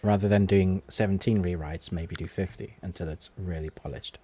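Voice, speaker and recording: Low husky man in casual podcast chat. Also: fairly even intonation, moderate pace, mellow. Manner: brief, laughing replies. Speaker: podcast co-host.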